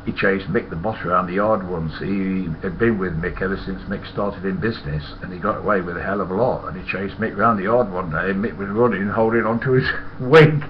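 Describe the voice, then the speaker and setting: A man's voice: sits low, fairly quick, hardly any pauses, dull audio, slight background noise. A man, a former lorry driver telling stories in a rambling, blunt and profane way. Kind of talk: casual storytelling monologue.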